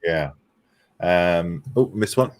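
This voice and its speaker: Chatty male stream host with a deep voice, easy laughter. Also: expressive, slow pace, darkish tone. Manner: chatty, reads out viewer comments, laughs often. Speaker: livestream host. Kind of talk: casual chat while model making.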